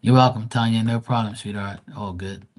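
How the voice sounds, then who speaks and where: A man's voice: fairly low pitch, fairly even intonation, normal speed. A man reading tarot cards and chatting casually with viewers on a live stream, calling them by name and swearing lightly.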